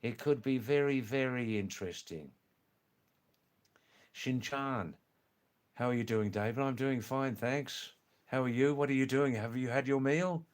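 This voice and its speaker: Slow, thoughtful man answering live chat. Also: mid-range voice. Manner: slow, thoughtful and hesitant, with many pauses and fillers. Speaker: live stream host. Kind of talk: casual live stream chat, reading and answering viewer comments.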